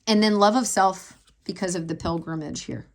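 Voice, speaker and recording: Gravelly and fairly low, her voice moves at a moderate pace through a casual tarot reading. She muses aloud in a rambling, emotional fashion and sinks to a whisper while reading to herself.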